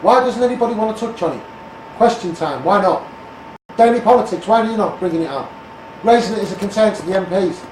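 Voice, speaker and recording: A man's voice: sits high, animated, quick pace, a little mellow, slight background noise. A man with a Scouse accent delivering a blunt, repetitive political rant, calling people out by name and asking what they will do about it. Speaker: street campaigner. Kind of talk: ranting political monologue. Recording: roomy sound from a distance.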